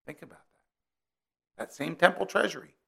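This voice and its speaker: A man's voice: a little high, a little fast, creaky, bright, forceful tone, breathy edge. A middle-aged man from New Jersey preaching a sermon in a conversational way, weaving in personal stories.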